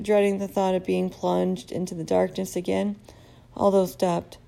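A woman narrating a children's story in a lively, expressive storybook reading. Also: lowish voice, moderate pace, vocal fry.

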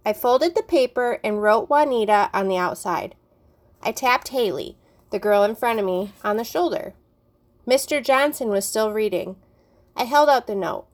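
An adult woman reading a children's chapter book aloud, narrating clearly and expressively. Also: medium pitch, animated, normal speed. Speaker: storybook reader.

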